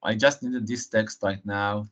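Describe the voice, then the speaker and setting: Halting male presenter in a software demo. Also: fairly low pitch, fairly even intonation. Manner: halting, with frequent uh and um fillers. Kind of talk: live technical software demo. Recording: dull lo-fi stream audio.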